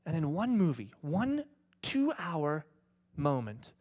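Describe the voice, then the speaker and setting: A middle-aged male pastor preaching a sermon and retelling a story dramatically, dropping to hushed whispers and rising to loud shouts. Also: on the high side, sing-song, takes it slowly.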